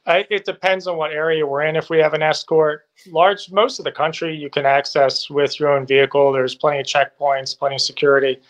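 A man's voice, pitched a little above the usual, gives assertive and analytical answers. He is a guest speaking remotely from abroad about life near a war zone. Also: flat delivery, brisk, hardly any pauses. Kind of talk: interview answers.

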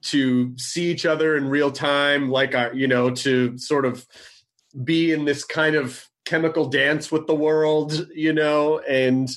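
A man's voice: fairly high pitch, steady tone, slow. Rambling man in casual chat. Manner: rambling, full of fillers and restarts.

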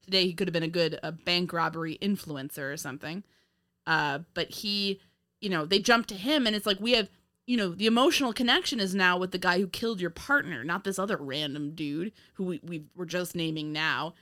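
A woman's voice: lowish voice, a little fast, pushed and bright. A woman co-hosting a casual film review podcast, rambling with many fillers and restarts and laughing often. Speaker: podcast co-host.

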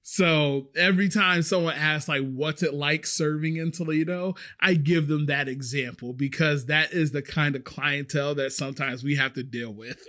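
A man with a slightly higher voice tells a story about his job as a restaurant server. He talks casually and with lots of animation, filling his sentences with "like" as he goes. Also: moderate pace. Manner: animated, chatty, frequent "like".

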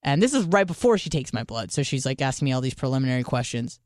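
Woman podcast host, low voice but swings way up when she gets worked up, cusses a lot, dry close sound. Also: fast talker, no echo. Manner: animated, profane, acts out both sides of dialogue. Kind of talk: casual comedic storytelling.

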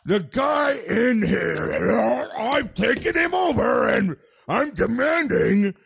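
A man's voice: extremely high pitch, sing-song, takes it slowly, creaky, fairly bright tone, breathy edge, raised voice, pitched above the performer's own voice, full character voice. A man voicing a crude male devil possessing a psychic, growling demands. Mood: raging.

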